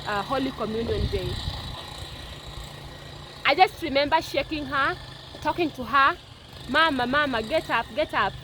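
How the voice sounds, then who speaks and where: High-voiced Kenyan woman telling a story. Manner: emotional, repetitive, circling back. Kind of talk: personal storytelling. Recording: noisy background with passing vehicles.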